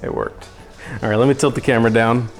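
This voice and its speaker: His voice is mid-range and steady, moving at a quick pace while faint music plays behind. He's streaming a cooking session from his home kitchen, chatty, joking, and self-mocking.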